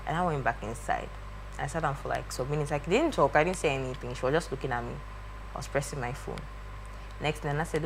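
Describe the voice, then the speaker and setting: A young woman, a guest telling a story in a lively way and acting out the voices of the people in it. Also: rumbling low, fast talker, noisy background. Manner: lively, acts out quoted voices. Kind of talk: animated storytelling.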